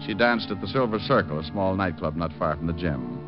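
A wisecracking private eye with a lively voice that swings up and down, full of dry, sarcastic quips. It comes through a dull, lo-fi old radio recording with music playing behind him. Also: male voice, low-pitched, a little fast. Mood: wry. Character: wisecracking private detective, adult man. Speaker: narrator and lead. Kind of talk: 1950s radio drama acting.

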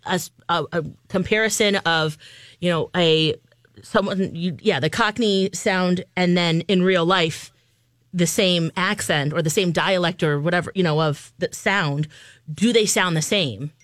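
Thoughtful woman co-host, halting speech. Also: fairly low pitch, a bit bright, dry recording, clean studio sound. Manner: thoughtful, halting, restarts sentences. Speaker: radio co-host. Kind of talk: casual chat.

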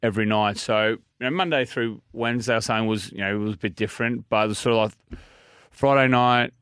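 A young man with an Australian accent, chatting loosely and joking, with plenty of fillers. His voice is lowish and smooth. The sound is close and dry. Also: fast talker, a bit bright, no echo. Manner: rambling, joking, lots of fillers. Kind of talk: casual chat.

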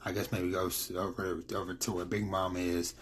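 A man's voice: low-pitched, flat delivery, moderate pace, a little hiss or hum. A man giving a casual, rambling recap of manga chapters, full of fillers and quoted lines.

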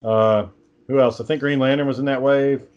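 Man, casual chat, rambling stories, mid-pitched voice, lots of fillers. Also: fairly even intonation, moderate pace, a little mellow, clear, resonant tone, lo-fi sound. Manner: rambling storyteller, many fillers and restarts.

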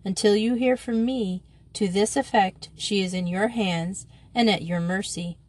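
A woman's voice: medium pitch, a little slow, darkish tone, close to an everyday voice. Woman reading out a cold, curt father's letter. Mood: cold formal. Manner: stiff, formal letter-reading. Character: cold, curt father writing off his daughter.

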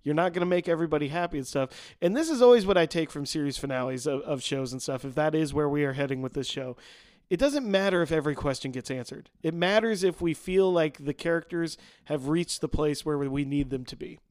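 Upbeat male co-host with a slightly high voice, recorded dry and close; chatty, quick to laugh. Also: darkish tone, dry recording. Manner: upbeat, laughs often, says "man" and "guys". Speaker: podcast co-host. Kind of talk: casual podcast chat.

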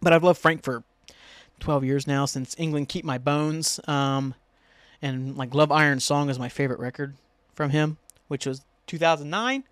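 Guy rambling on his podcast, swears a lot, bit high voice, dry close sound. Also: steady tone, moderate pace, a bit bright, dry recording. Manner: rambling and ranty, swears freely. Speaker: podcast host. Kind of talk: casual solo podcast talk.

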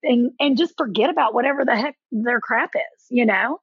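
A woman comedian with a Southern US accent, chatting casually and telling animated stories with many restarts. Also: a little high, normal speed, slightly rough, no room sound, phone-quality sound. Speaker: guest comedian. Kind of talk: casual chat.

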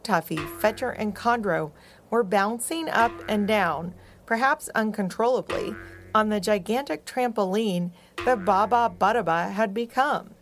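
A woman co-hosting a podcast, narrating a children's story in a slow, expressive and playful way. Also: medium pitch. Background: music.

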